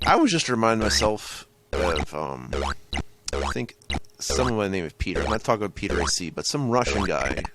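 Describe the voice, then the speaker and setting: A man's voice: on the low side, noisy background. A young man rambling through joking, tangent-filled commentary while playing a retro game. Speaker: gaming channel host. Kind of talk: let's play commentary.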